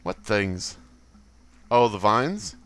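A man's voice: fairly low pitch, big pitch swings, drawn-out words, a bit bright, clean tone, soft background music. A man casually commenting on his own gameplay, goofy and swearing, with silly sound effects. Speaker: let's play host.

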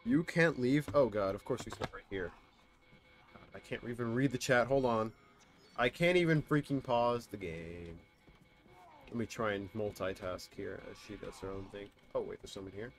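A man's voice: on the low side, moderate pace, faint music behind. A young man streaming a co-op game live, reacting in exasperation to his partner and reading his chat. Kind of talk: live gameplay commentary.

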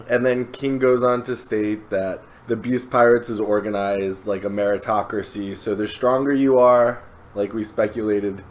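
A man co-hosting a podcast, recapping a comic chapter in a casual, animated way. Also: lowish voice, moderate pace. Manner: animated, acts out quotes. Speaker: podcast co-host.

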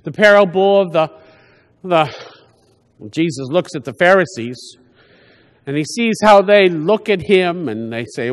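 In a plain, conversational homily, a high-voiced, light-toned priest keeps stopping and restarting, yet stays expressive. Long church reverb rings around every word.

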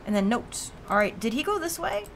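A woman's voice: a little high, very animated, a little fast, slight background noise. A woman streaming a game, chatting casually and reading the characters' lines aloud, swearing freely and laughing often. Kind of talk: casual let's-play commentary, voicing game dialogue.

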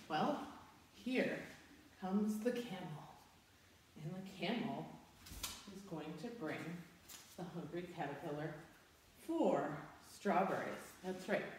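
A woman leading a children's story-based yoga class at home, telling the tale gently and calling out poses. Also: mid-range voice, a little hiss or hum. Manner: slow, gentle, storytelling with cues and sound effects. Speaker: kids yoga teacher. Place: room at home with a dog. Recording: echoey room from far off.

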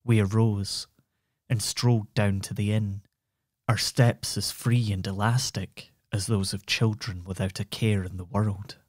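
A man narrating a bedtime story for adults in a soothing, measured manner. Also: fairly low pitch, a little mellow, dry recording.

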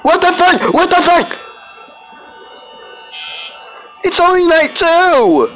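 Female voice, horror game commentary, put-on voice, swearing, lively pitch, background noise. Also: a little slow, low-quality recording. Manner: profane, jumpy, rambling, doing a put-on voice. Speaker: gaming commentator.

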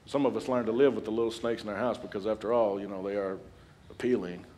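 A man in his forties preaching a sermon as a guest speaker, animated and humorous, building to loud peaks. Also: on the low side, fast talker, background noise. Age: 40s.

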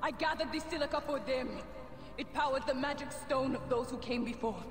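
A woman's voice: high-pitched, a little fast, slight background noise, lightly acted. An actress voicing a dying woman villain and grieving mother in a video game, speaking in a solemn, sorrowful, pleading way. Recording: reverberant game audio with loud music.

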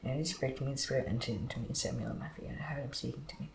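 A man reading Bible passages aloud at a steady pace, with occasional slips and restarts. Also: medium pitch, racing, vocal fry. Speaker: Bible reader. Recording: echoey room with background noise.

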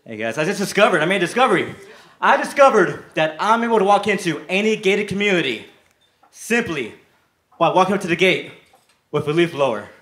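A young man doing a stand-up comedy set, telling deadpan stories and breaking into brief put-on voices. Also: high-pitched, brisk. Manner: deadpan storytelling with brief shouted character bits. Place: comedy club stage. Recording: echoey club with loud crowd.

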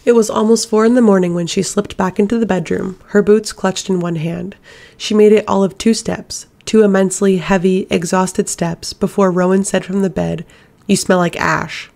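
A woman narrating an audiobook in a steady, measured reading voice. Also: mid-range voice, gravelly. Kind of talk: scripted narration.

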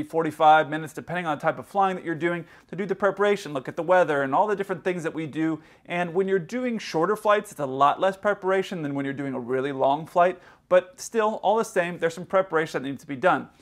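A middle-aged man with a fairly high voice tells work stories as an airline pilot. He talks loosely and casually, with restarts and quoted dialogue, like an easygoing vlog. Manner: relaxed, rambling, with frequent restarts and quoted dialogue.

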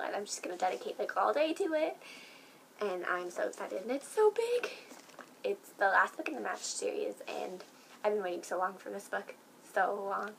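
A young woman excitedly chatting in a casual vlog, gushing about things she loves with lots of fillers. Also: medium pitch, creaky, slight background noise, low-quality recording. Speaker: book vlogger.

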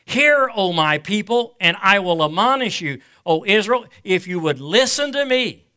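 A man preaching a sermon as pastor, reading scripture slowly and with emphasis, and questioning the congregation. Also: high voice, animated, sharp tone, smooth. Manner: asks the congregation rhetorical questions; stumbles and repeats words when speaking personally.

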